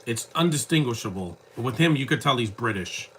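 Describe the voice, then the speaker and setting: Bright-voiced man giving movie commentary. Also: medium pitch, expressive, a little fast, husky. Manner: rambling, joking asides.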